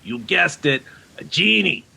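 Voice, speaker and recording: Frank, the upbeat, lonely castaway of a children's program, is played by a man in an exaggerated, high, expressive voice that's rough, gravelly and bright, delivered a little slowly. In this kids' ministry skit monologue, he talks to children in a friendly way, calling them "yous."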